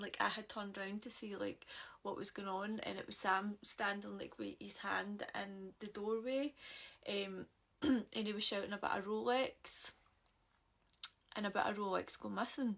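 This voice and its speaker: A young woman with a Glasgow accent, telling a story straight to camera in casual speech, full of fillers and swearing, and loud when she quotes herself. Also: medium pitch, vocal fry, poor audio. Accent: Scottish, Glasgow. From Scotland.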